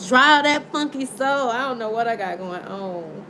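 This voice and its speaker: High-voiced woman reading tarot lively. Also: moderate pace, hardly any pauses, a little hiss or hum, low-quality recording. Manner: animated, laughing, sings along. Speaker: tarot reader. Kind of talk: casual tarot reading with music.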